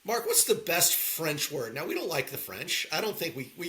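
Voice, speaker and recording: A man co-hosting a casual podcast chat, talking in animated bursts and repeating lines for emphasis. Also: fairly high pitch, moderate pace, background noise. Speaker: podcast co-host.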